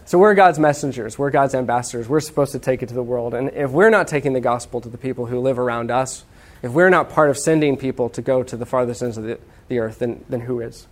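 A man's voice: mid-range voice, fast. A man preaching a sermon in a conversational, humorous way, with asides and restarts. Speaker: pastor.

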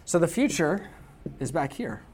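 A lecturer from the United States, giving an informal classroom talk in a chatty way, with quick asides and checks like "okay?". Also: mid-range voice, big pitch swings, darkish tone, a little hiss or hum.

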